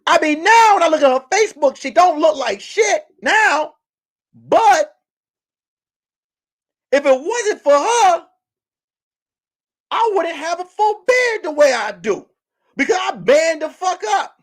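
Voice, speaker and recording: A male comedian tells a rambling, profane story in a high voice that keeps leaping up and down. He breaks into sudden loud bursts between quicker asides. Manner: animated, with sudden loud outbursts. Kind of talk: stand-up storytelling.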